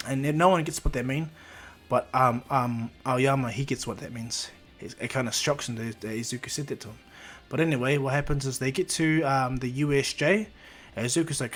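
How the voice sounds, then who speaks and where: A man's voice: mid-range voice, fairly quick, a bit bright, faint music behind. A man casually narrating a fan story, rambling along with restarts and fillers.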